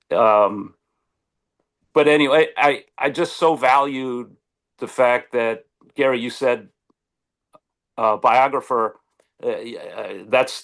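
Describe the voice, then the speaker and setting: Man telling stories on a video call. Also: medium pitch. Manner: animated, restarts often, acts out quotes. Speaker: sportswriter guest. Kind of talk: casual storytelling on a video call.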